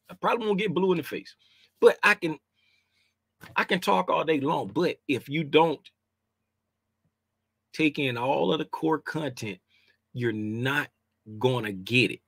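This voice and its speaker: A man's voice: a little high, a little slow, pauses often, a bit bright, no echo. A man casually teaching a trading lesson, emphatic and repetitive, using slang and often asking "right?". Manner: informal slangy speech. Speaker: trading educator.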